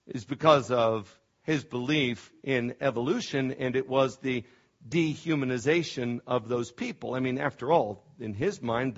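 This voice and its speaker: A middle-aged male pastor preaching with fervent emphasis, his voice pitched a little high for a man. He presses hard on key words and now and then trips over restarts. The church recording sounds dull and lo-fi. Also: a bit bright. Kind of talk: sermon.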